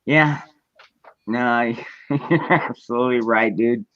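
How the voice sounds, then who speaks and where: A man's voice: mid-range voice, slow pace, fairly bright tone, dry recording. A man hosting a casual livestream chat, blunt and profane, greeting viewers as they join. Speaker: livestream host. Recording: dull lo-fi dry mic.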